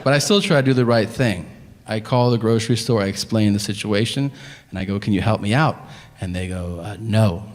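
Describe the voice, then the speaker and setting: A man telling a stand-up story on stage, deadpan and exasperated as he acts out the dialogue. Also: on the low side, brisk. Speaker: stand-up comedian. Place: comedy theater stage. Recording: live theater hall with faint ambience. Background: audience laughter.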